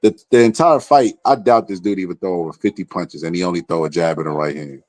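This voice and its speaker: A man's voice: sits low, fast, darkish tone, dry recording. A man hosting a live stream, giving blunt, mocking casual commentary on a boxing broadcast. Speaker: livestream host reacting to a boxing broadcast.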